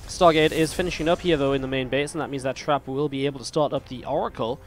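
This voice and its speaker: A man's voice: medium pitch, steady tone, quick pace. A man casting a live esports match, chatting to viewers in a rambling way, his voice slightly strained. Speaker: esports caster and host. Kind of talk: live play-by-play game commentary.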